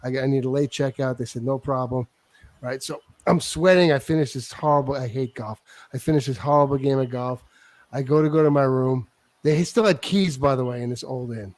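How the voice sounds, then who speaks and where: A man in his fifties telling a comic story as a talk-show guest, animated and profane, with stammering restarts. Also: medium pitch, brisk, dry recording. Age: 50s.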